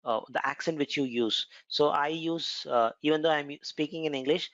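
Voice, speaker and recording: A man's voice: fairly high pitch, moderate pace, a bit bright, dry recording. Indian male tech trainer, casual explanatory delivery, dry dull lo-fi recording. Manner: conversational, explanatory, frequent "uh" fillers. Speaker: cloud computing instructor. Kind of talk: recorded technical lesson with demo.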